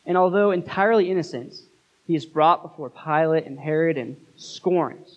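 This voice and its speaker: A man preaching a sermon as pastor, earnest, with dramatic pauses. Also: a little high, highs cut off.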